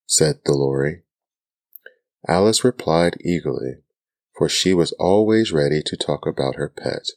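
A man reading a bedtime story in a soft-spoken ASMR style, calm and soothing, close to the mic. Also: rumbling low, a little slow.

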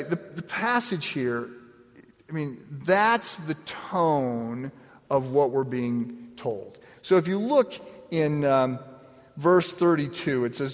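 A middle-aged man preaching a sermon in a conversational, self-deprecating way, often repeating words as he starts a thought. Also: a little high. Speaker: pastor. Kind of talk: sermon with personal story. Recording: echoey hall.

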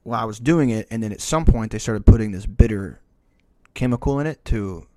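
A man's voice: fairly low pitch, brisk, dark tone, dry recording, clean studio sound. A young adult man telling a long, profane, rambling story in casual podcast chat. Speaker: podcast host.

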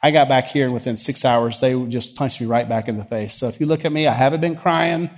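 Speaking briskly at medium pitch, this allergy-worn pastor with a Southern US accent leads prayer and gives a sermon in a church sanctuary, keeping things folksy, teasing, and conversational.

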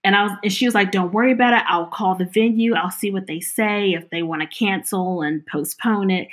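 A woman's voice: medium pitch, a little fast, few pauses. A middle-aged woman telling her personal story in an interview, acting out the lines of the people she quotes. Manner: animated, acts out quoted dialogue.

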